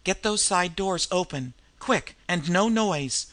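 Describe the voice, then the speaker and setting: A man voicing a determined young woman, hurried, breathless commands, bright slightly high voice, audiobook. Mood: urgent. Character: resolute young woman, tense and quick-thinking.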